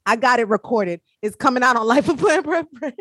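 A woman co-hosting a casual chat, teasing her friend and telling animated stories. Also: a little high, a little fast, dry recording, studio quality. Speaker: co-host.

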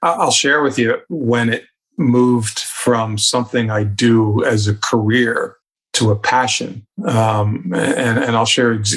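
Man telling reflective work stories. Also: mid-range voice. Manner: reflective, anecdotal, animated in places. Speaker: guest, communication coach. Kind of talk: conversational storytelling.

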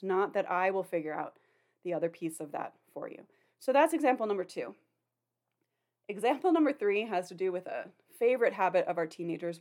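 A woman's voice: medium pitch, darkish tone. A middle-aged woman, a parenting coach, hosting a podcast in an earnest, conversational way with casual fillers. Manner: earnest, conversational, many "you know" and "like" fillers. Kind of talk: podcast talk.

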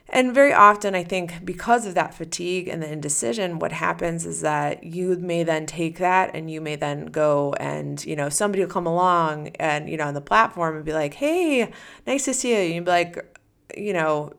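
A woman's voice: fairly low pitch, gravelly. A woman hosting a solo podcast as a coach, talking casually and animatedly, acting out the listener's inner voice.

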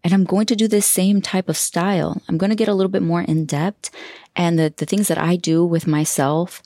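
Female podcast host, low gravelly voice, effusive and heartfelt, dry close mic. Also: fairly even intonation, fairly quick, no room sound. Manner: warm, effusive, emotional, laughs often. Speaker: podcast host and self-love coach.

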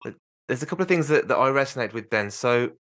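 Male interview host, mid pitch, easygoing, regional accent. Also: lively intonation, fast talker, a bit bright. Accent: non-London British or other regional English. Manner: reflective, easygoing, self-described recovering introvert. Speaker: podcast host. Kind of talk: conversational interview.

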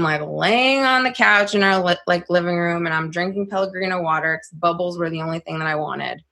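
A young adult woman telling a personal story on a podcast in a casual, animated way, saying "like" a lot and swearing freely. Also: lowish voice, creaky. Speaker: podcast guest.

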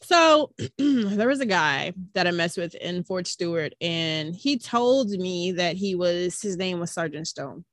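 A woman's voice: lowish voice, expressive, a little slow, no room sound. A woman co-hosting a podcast, telling a story in a chatty, conversational way. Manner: chatty, laughs along, conversational. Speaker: podcast co-host. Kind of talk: casual storytelling chat.

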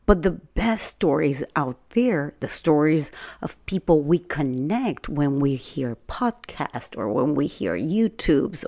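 A woman's voice: sits low, darkish tone. A woman giving an earnest motivational talk, telling a personal story in a conversational way and stressing points by repeating herself. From Spanish-speaking. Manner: earnest, conversational, with restarts and emphatic repetition. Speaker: personal branding speaker.

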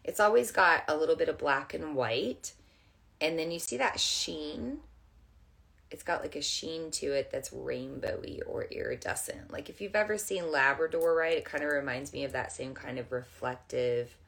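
A woman teaching astrology and crystals to camera in a gentle, meandering way with many fillers, recorded indoors at home. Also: deep voice, lively intonation, moderate pace, vocal fry. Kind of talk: casual spiritual teaching to camera. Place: indoors at home under overhead lights. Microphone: camera facing her.

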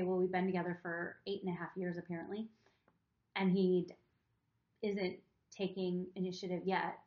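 A podcast co-host with a fairly low voice tells her partner a personal story, earnest, emotional and rambling. The sound is reverberant, and the highs are cut off.

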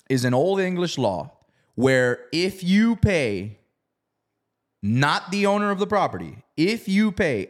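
Male storyteller, casual and profane, animated when quoting others. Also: medium pitch. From South Florida. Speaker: real estate investor.

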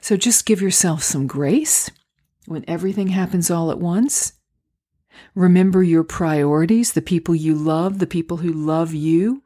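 A woman hosting a solo podcast, talking through acting auditions in a gentle, encouraging, unhurried way. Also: fairly low pitch. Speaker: podcast host and acting coach. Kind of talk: reflective solo podcast talk. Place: home, recorded near a street.

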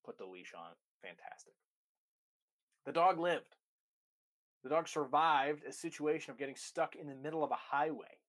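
A man's voice: medium pitch, fairly bright tone. Emphatic man teaching dog training. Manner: emphatic, repeats key phrases. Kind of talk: instructional talk to camera.

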